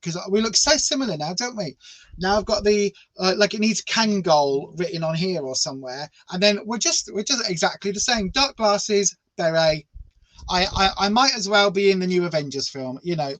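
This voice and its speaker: A man with a high, bright voice gives tarot readings live, chatty and playful and full of fond asides to his viewers. The sound is close and dry, with no room around it. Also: expressive, normal speed, dry recording, poor audio. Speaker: tarot reader.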